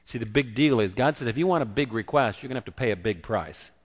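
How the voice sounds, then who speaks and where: A man's voice: medium pitch, lively intonation, fast talker, long reverb tail. A man preaching a conversational sermon and acting out the quoted voices. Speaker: pastor.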